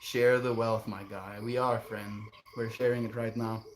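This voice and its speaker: A man streaming live, reading viewer comments aloud and answering them in a relaxed, chuckling way, sometimes drifting into gentle musings. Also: on the low side, unhurried, slight background noise. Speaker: livestreamer reading chat. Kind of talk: casual livestream chat.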